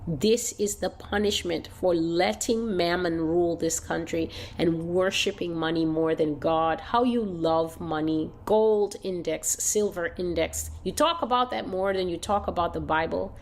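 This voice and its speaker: Woman, lowish voice, delivering a declamatory prophetic warning, heavy on repetition. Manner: declamatory, repeating phrases with long drawn-out pauses. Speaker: self-styled prophet. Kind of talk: prophetic sermon.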